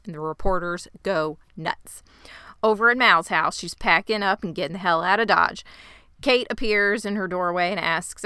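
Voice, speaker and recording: A woman's voice: lowish voice, normal speed, bright, forceful tone, smooth, no echo, clean studio sound. A woman co-hosting a podcast, giving wry, eye-rolling commentary while she recaps a show. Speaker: podcast co-host. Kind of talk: casual chat.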